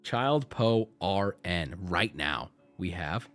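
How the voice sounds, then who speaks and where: Man, streamer, casual live-stream chat, joking, lively pitch, shouts at rares, faint background music. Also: a little slow, hardly any pauses, clean tone. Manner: joking, shouts at rare cards. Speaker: streamer opening card packs.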